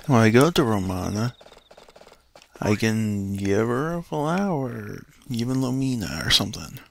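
Gravelly, jokey game commentator. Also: male voice, on the low side, expressive, a little slow. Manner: rambling, jokey, switches to whispering. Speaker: gameplay commentator. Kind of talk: casual let's play commentary.

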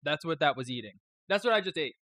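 A man hosts a live stream in loose, joking chat that drifts from topic to topic and includes some swearing. His voice is bright and forceful and sits slightly high. The sound is dry and close, with no room echo. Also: lively intonation, fast talker. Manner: rambling, joking, profane.

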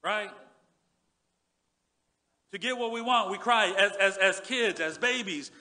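Bright-voiced man preaching a sermon. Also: takes it slowly. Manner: earnest preaching, drops low and soft on scripture, repeats words. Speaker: pastor. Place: church sanctuary.

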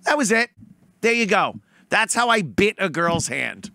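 A man's voice: high voice, big pitch swings, unhurried, creaky, bright, forceful tone. A man hosting a podcast, mocking played clips with sarcastic, profane commentary and put-on impressions. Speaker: podcast host.

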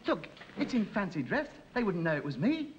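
A man's voice: high-pitched, big pitch swings, fairly quick. An actor playing an indignant, self-important man who blusters and huffs, in a 1950s radio comedy. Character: indignant, pompous man on a cruise. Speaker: comic lead. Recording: muffled old radio recording with hiss.

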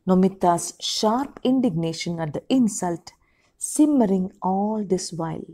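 A woman teacher reading a story aloud and explaining it, in an expressive, dramatic way. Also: medium pitch, measured pace, husky. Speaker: English teacher.

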